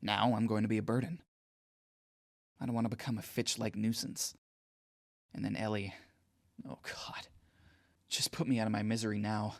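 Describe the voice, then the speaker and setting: An anxious, gravelly teen boy. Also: lowish voice, flat delivery, moderate pace, pauses often, no echo, clean studio sound. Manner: self-deprecating, inward, anxious. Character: anxious, awkward teenage boy, shaken and numb. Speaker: first-person narrator of an audio drama. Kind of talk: audio drama narration.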